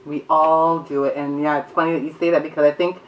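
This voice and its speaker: A woman's voice: sits low, little pitch movement, fast talker, far from the mic, lo-fi sound. A mother co-hosting a casual talk show, frank and chatty. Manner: frank, chatty, laughs often. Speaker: co-host.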